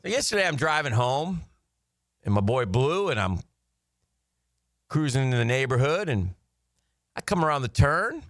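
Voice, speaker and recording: Man, radio co-host, animated storyteller, bright voice, dry studio sound. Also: medium pitch, dry recording. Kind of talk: casual storytelling chat.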